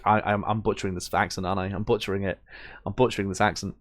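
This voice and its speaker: A man's voice: on the low side, level tone, very fast, faint music behind. A European man streaming a game, making casual self-mocking asides.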